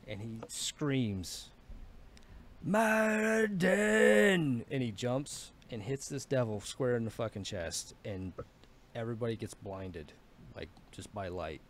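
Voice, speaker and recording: A man's voice: lowish voice, a little slow, darkish tone. A man narrating as dungeon master, telling a battle in a casual, profane way with many fillers. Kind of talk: narrating a tabletop game.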